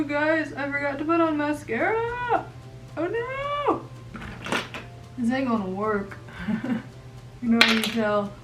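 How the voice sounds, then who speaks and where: A young makeup vlogger chats casually while doing her makeup on camera, playful and self-mocking. Her voice is a little high and a bit bright, and the mic sits at a distance in a room with an echo.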